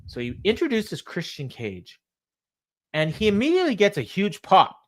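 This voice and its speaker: A man's voice: high voice, wildly swooping pitch, moderate pace. Chatty man recapping wrestling, laughing. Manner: retells segments quoting wrestlers, laughing often. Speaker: podcast co-host. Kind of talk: casual wrestling recap chat.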